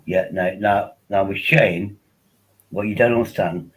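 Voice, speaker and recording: A man's voice: low voice, a little slow, breathy edge, poor audio. A man hosting a casual livestream, rambling and joking while tipsy on wine, often repeating himself. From England. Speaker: livestream host.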